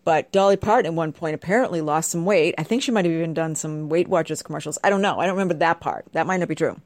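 A woman's voice: low voice, quick pace, dry recording. A woman host ranting in a casual, sarcastic, scolding way. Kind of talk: casual comedic rant.

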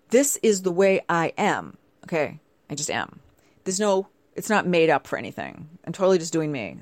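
A woman hosts her show in a loose, chatty way, trading jokes and asides with her listeners. Her pitch swoops up and down as she talks. The sound is dry and close to the mic. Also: no echo. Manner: chatty, animated storytelling with playful asides. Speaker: show host. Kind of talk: casual chat.

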